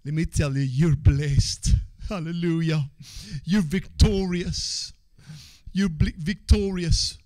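A man preaching a sermon as pastor. He moves from quiet asides to shouted exhortation, repeats phrases and calls out for amens from the congregation. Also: a little high, fairly even intonation, slow pace, no room sound.

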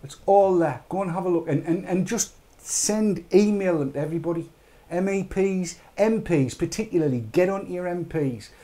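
A man's voice: high voice, moderate pace, dark tone. A British man hosting a live online chat show, rambling and urging viewers on with jokey asides. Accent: British English.

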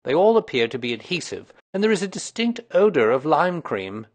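A man's voice: on the high side, sing-song, a little fast, voice pushed up. A man reading aloud voices a self-assured Victorian male detective explaining his deductions in a precise, lecturing way.

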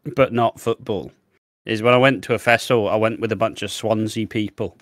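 A man's voice: on the low side, fairly even intonation, fairly quick, no echo, studio quality. A man co-hosting a podcast in casual, chatty talk, swearing freely. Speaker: podcast co-host.

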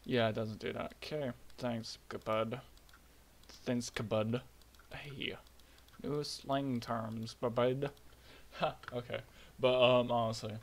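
A young man casually narrating his own game project, rambling with bursts of high-pitched glee. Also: unhurried, slight background noise. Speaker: hobby game developer. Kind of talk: casual screen-recorded devlog.

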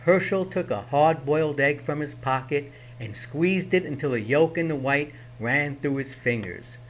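A man's voice: on the high side, normal speed, a bit bright. Man reading a picture book aloud. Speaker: reader.

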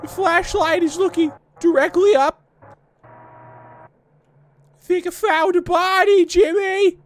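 A man voicing a whiny, nerdy cartoon boy with a high, nasal whine, fretting and calling out frantically. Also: steady tone, takes it slowly. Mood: whiny, panicked. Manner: frantic and fretful, cries out names.

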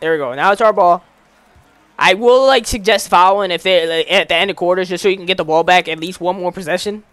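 A young man giving casual commentary while playing a basketball video game, slangy and excitable, calling out plays to the game. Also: high-pitched, fairly quick, clear, resonant tone, no room sound. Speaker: gaming YouTuber.

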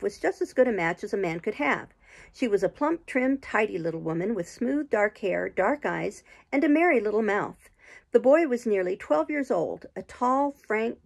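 A woman reading a classic novel aloud in slow, measured storybook narration. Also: medium pitch, creaky, a little mellow. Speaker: audiobook reader.

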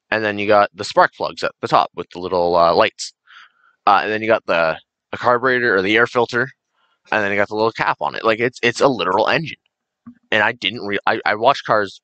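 Low-voiced teen gamer, dry mic. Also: male voice, bright, forceful tone, no room sound. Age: late teens. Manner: rambling, enthusiastic, many restarts and fillers. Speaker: gaming channel host. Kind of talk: casual let's-play commentary.

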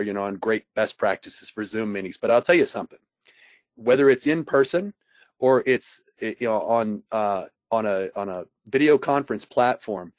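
A man's voice: mid-range voice, no room sound. A man speaking as a panelist in a business webinar, conversational, often asking his listeners rhetorical questions over a video call.

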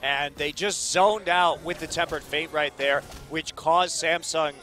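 A man giving color commentary on a video game match, analytical and steady in tone. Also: on the high side, a little slow. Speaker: esports caster.

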